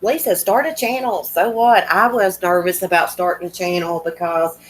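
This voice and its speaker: A woman's voice: fairly low pitch, moderate pace, slight background noise. A woman with a Southern US accent, hosting a livestream in casual chat and answering comments in a chatty, countrified drawl. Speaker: livestream host.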